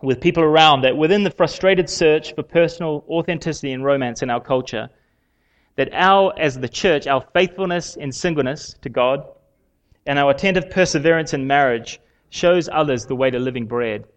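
A man giving a sermon in a conversational way, with frequent pauses and fillers. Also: a little high. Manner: conversational, halting with many fillers. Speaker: preacher.

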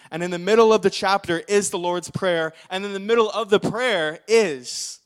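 A man's voice: high voice, moderate pace, clear, resonant tone. A young male pastor preaching a sermon, telling a story in a casual, rambling way full of fillers.

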